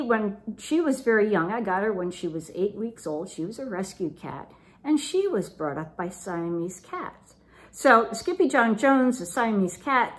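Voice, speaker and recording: A woman reads a children's picture book aloud to young listeners. Her voice is fairly high and swoops a great deal as she reads. She sounds animated and playful. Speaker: children's storytime reader.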